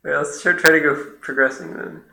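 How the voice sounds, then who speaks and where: A man with a bright, forward tone chats hesitantly, stumbling and restarting before he lands his point. His voice echoes around a roomy space over a faint background hiss. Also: a little high, fairly even intonation, a little fast, vocal fry. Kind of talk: casual chat over gameplay. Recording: roomy echo, faint noise.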